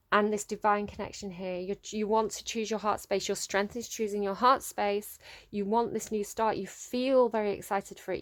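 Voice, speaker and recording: A woman giving an emotive tarot reading, speaking gently and pausing to search for words. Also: medium pitch. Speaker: tarot reader.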